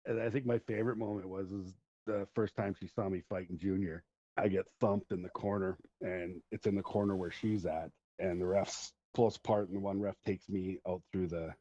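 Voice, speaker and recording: Speaking fairly quickly with fairly even intonation, a middle-aged podcast host has a low, mellow voice. Hailing from Central Alberta, Canada, he tells long, rambling stories in relaxed chat and laughs throughout, though the recording is dull and lo-fi.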